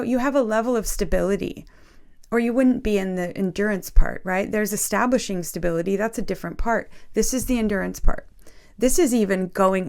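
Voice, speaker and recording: A woman's voice: medium pitch, creaky. Earnest woman sharing a spiritual message. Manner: earnest, emotional, addresses viewers directly with frequent "okay?". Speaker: faith video host. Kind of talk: casual spiritual talk to camera.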